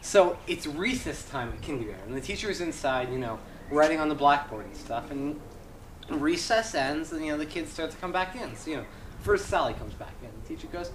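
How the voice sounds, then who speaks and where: A man telling jokes in a rambling, halting way, full of "you know", recorded by a distant camera mic. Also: on the high side, expressive. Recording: echoey, distant camera mic, noisy background.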